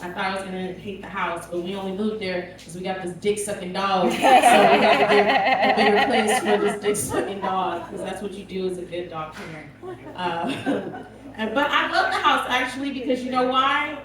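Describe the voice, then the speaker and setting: A woman's voice: medium pitch, moderate pace, a crowd in the background. A young woman doing a crude, brash stand-up set, laughing at her own jokes, recorded on a club stage. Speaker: stand-up comedian. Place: comedy club stage with audience. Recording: echoey club from far off, audience laughter.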